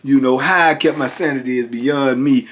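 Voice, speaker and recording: A man's voice: mid-range voice, moderate pace, a bit bright. A man in his fifties, a former prisoner, telling stories in a casual, rambling way full of "you know". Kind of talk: casual storytelling.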